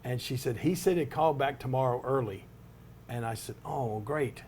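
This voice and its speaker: A man's voice: medium pitch, moderate pace, a little mellow, a little hiss or hum. An older man, telling a long anecdote in an interview with many restarts and asides. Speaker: interview subject, retired wrestler. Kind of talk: storytelling in an interview.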